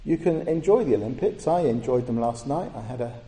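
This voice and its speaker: Earnest preacher in an echoey hall. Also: male voice, medium pitch, animated, fairly quick, warm tone. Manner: earnest, emphatic, rising on key words. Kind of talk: sermon. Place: church.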